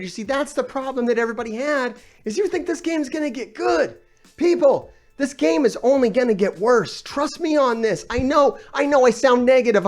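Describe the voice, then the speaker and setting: A man ranting on a gaming live stream, exasperated and sarcastic, swearing often while he reads out comments. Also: very high-pitched.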